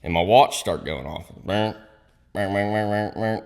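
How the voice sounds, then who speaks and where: A man's voice: on the low side, normal speed, vocal fry, a little mellow, big-room sound. A young man, telling a hunting story as a podcast guest, swearing freely and dropping into whispered asides. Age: young adult. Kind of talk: casual storytelling.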